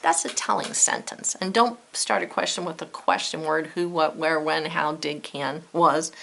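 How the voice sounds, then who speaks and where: A woman teaching a lesson to young children, animated and encouraging as she talks straight to them. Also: lowish voice, vocal fry. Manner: animated, encouraging, speaks directly to kids.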